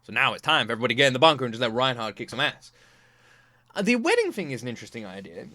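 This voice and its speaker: A man hosting a reaction video, chatting casually in an animated, joking way. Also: mid-range voice, racing, no echo, clean studio sound. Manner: animated, joking, acts out scenes.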